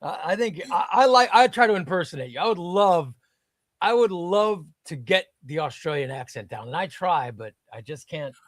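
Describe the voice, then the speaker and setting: A man's voice: sits high, expressive, moderate pace, no room sound, clean studio sound. A man hosting a casual chat, rambling and repeating words as he talks. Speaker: host.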